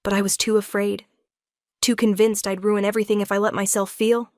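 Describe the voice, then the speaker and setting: A woman's voice: mid-range voice, little pitch movement, fairly quick, darkish tone, no echo, clean studio sound, lightly acted. A woman voicing a remorseful young male werewolf king who pleads earnestly with his wife. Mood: pleading.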